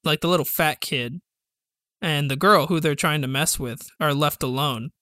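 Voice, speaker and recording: A man with a fairly high, bright, forceful voice cuts into a casual podcast chat with short, wry remarks. His voice comes through close to the mic in a dry room with no echo. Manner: quick wry interjections. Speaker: podcast co-host. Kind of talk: casual movie review chat.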